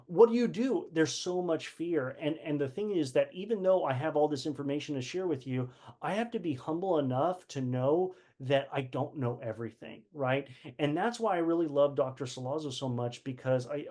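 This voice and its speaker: Earnest man teaching, slightly high voice. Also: fairly quick, dark tone. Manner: earnest, repeats words, acts out quoted dialogue. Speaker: leadership course teacher. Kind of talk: personal teaching talk.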